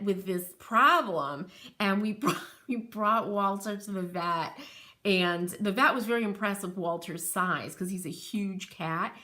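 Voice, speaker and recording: A woman's voice: medium pitch, sharp tone. A middle-aged American woman hosting a live crafting stream, talking in a chatty, rambling way and reading out viewer comments. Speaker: craft channel host.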